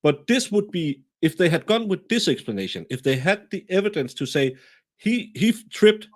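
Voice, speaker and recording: A man with a Danish accent, talking through a case in a casual, animated, self-deprecating way, often restarting his sentences. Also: high-pitched, normal speed. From Denmark. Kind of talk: casual true-crime discussion.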